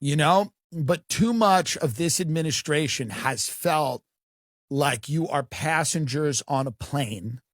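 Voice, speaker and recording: A man's voice: on the high side, slow, dry recording, studio quality. A man delivering a rambling, satirical comedic monologue about politics. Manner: rambling, satirical, slips into mocking voices.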